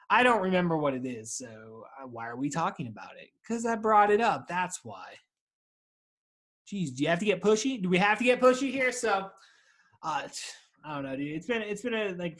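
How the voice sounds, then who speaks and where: A man's voice: on the high side, a bit bright. Stoned man rambling on a podcast. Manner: loose, profane, laughing, talking to himself. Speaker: podcast host. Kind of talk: rambling solo podcast chat. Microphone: video call.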